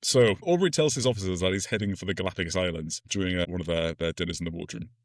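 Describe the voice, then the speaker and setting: A man's voice: sits low, fast talker, no echo, clean studio sound. A man co-hosting a podcast, giving an enthusiastic, explanatory film review with frequent laughter. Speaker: podcast co-host. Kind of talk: casual film review chat.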